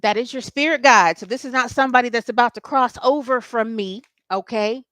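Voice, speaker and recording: In a fairly high, somewhat bright voice, a woman speaks briskly over a dry recording. She offers a casual spiritual tarot reading to camera, comforting but frank, often tossing in "okay?" and "I feel like" along with casual swearing.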